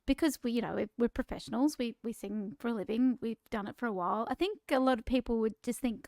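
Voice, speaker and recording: A woman's voice: a little high, fast, few pauses, no room sound, clean studio sound. A woman co-hosting a podcast in casual chat, laughing often and restarting her sentences. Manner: warm, chatty, laughs often, repeats words when starting sentences. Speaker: podcast co-host.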